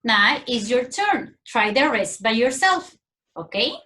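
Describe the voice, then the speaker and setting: A woman with a Mexican accent teaching a grammar lesson to young children, in a clear, sing-song teacherly way. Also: a little high, big pitch swings, a little slow, bright, forceful tone.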